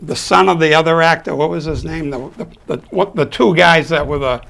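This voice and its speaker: An older man chatting as a guest, agreeable and slow to recall names. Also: a little high, gravelly, a bit bright. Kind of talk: casual chat.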